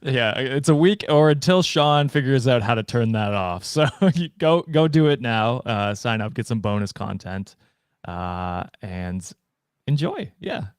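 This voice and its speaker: A man's voice: mid-range voice, expressive, a little slow, smooth, no echo, clean studio sound. A man hosting a live-stream podcast, upbeat as he promotes the channel and reads out donations. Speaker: podcast host. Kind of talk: casual live-stream chat.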